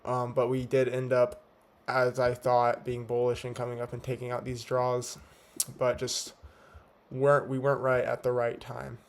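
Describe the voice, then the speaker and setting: A man's voice: mid-range voice, completely flat delivery, moderate pace. A young man giving a laid-back, slangy recap of his trading day, talking with a slight lisp from teeth whitening strips. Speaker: day trader. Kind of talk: casual trade recap. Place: home at night.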